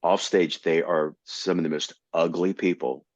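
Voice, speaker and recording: A man in his sixties from Florida, a comedian guest telling animated stories in casual conversation. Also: low-pitched, normal speed, no echo. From Tampa, Florida. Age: 60s. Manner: animated storyteller. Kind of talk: casual storytelling. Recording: dull, slightly lo-fi dry recording.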